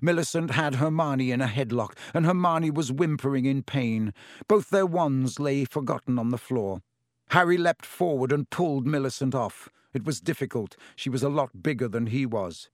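This audiobook narrator reads scripted narration with steady, measured delivery. He speaks at a medium pitch, and the dry recording is of studio quality.

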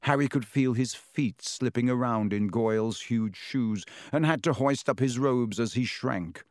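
A man's voice: mid-range voice, darkish tone, no room sound. Man narrating a storybook, dry and close. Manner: measured storytelling, voices each character. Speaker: audiobook narrator. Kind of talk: scripted narration.

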